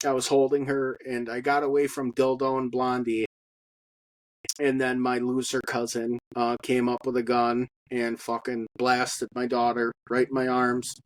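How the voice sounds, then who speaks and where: A man giving a personal testimony in a halting monologue, with many fillers and blunt profanity. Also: medium pitch, completely flat delivery, low-quality recording. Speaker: storyteller.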